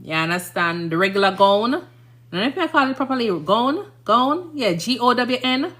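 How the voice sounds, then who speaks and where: A woman's voice: a little high, fairly quick, fairly bright tone. A woman from Jamaica with a Jamaican accent, a nurse chatting casually on a livestream, rambling and often checking "you understand?".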